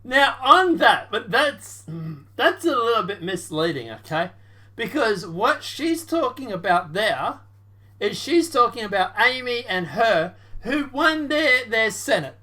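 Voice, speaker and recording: A woman with a high voice talks over debate clips in a loose, sarcastic vlog style. She rambles, restarts her sentences and slips into mocking voices as she argues her point. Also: very animated, measured pace, bright, forceful tone. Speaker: political commentary vlogger. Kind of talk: casual reaction commentary.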